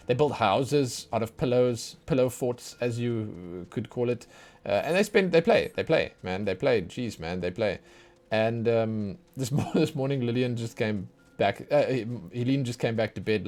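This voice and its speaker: A man's voice: mid-range voice, darkish tone. A man chatting casually while streaming a game, tired from lack of sleep and rambling in a chatty, self-mocking way. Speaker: let's play streamer. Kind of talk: casual chat while gaming. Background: faint game music.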